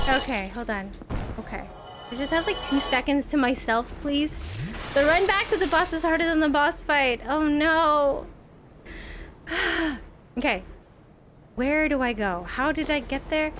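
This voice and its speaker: A woman streaming a video game, reacting excitably with gasps, shouts of frustration and sarcastic asides. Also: sits high, normal speed, noisy background. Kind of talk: gameplay commentary. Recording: loud background music.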